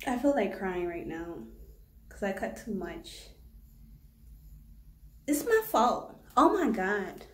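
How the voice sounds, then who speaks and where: A woman's voice: medium pitch, very animated, slow, pauses often, roomy sound, a little hiss or hum. A woman chatting casually through a home haircut in her vlog, flustered, swearing and laughing nervously. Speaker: hair vlogger. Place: echoey room at home.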